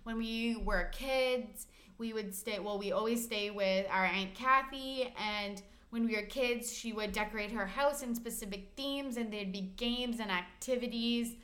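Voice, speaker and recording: A woman's voice: on the high side, a little slow, a bit bright. A young woman co-hosting a podcast, chatting casually and enthusiastically, swearing freely and using lots of fillers. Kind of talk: casual chat.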